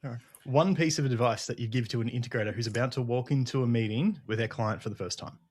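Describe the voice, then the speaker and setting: A man's voice: medium pitch, quick pace, a little mellow. Podcast host guy, upbeat, laughs a lot between questions. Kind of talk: casual interview hosting.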